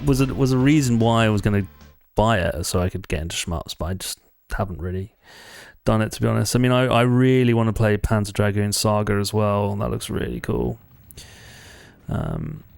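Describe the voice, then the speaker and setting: A man's voice: on the low side, gravelly. A man streaming a game, chatting casually in a rambling, self-correcting way. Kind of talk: casual let's-play chat.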